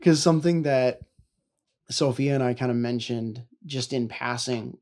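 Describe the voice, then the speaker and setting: A man's voice: mid-range voice, steady tone, measured pace, darkish tone. Casual young man rambling about his tabletop character. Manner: loose and rambling, many "like" fillers, swears casually. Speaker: podcast co-host, tabletop player.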